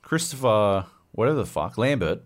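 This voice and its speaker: A man's voice: fairly low pitch, moderate pace. A man co-hosting a casual podcast, ranting loosely and swearing a lot. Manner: profane, animated ranting. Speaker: podcast co-host.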